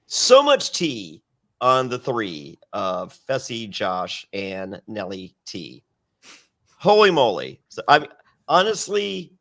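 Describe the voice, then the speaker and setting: Guy hosting a podcast, voice jumps all over, swears a lot, casual recap chat. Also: on the low side. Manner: lively, swears freely, mimics people. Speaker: podcast host.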